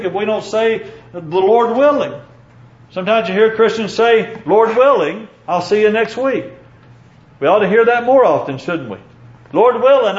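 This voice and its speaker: A man preaching a sermon in a fairly high voice, earnest and measured, pausing with fillers as he quotes scripture. The sound is echoey and a little dull.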